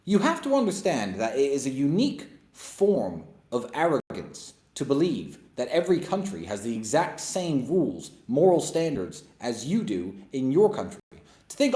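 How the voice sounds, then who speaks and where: Brief: opinionated male host, sarcastic, very lively pitch swings. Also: moderate pace, hardly any pauses, echoey room. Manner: blunt, emphatic, sarcastic. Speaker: host answering viewer questions. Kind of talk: opinionated monologue.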